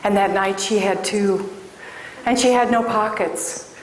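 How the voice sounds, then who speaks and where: A woman's voice: medium pitch, unhurried, slight background noise. A woman career coach from Des Moines giving a keynote speech, telling stories and addressing the audience emphatically. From Des Moines, Iowa. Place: large hall before an audience. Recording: roomy hall with long echo.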